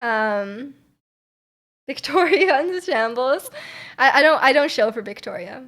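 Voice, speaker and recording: Young woman streamer, higher voice, chatty and giggly, loose rambling delivery. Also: lively intonation, unhurried. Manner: chatty and giggly, thinking out loud with many restarts. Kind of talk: casual live-stream chat, answering chat messages.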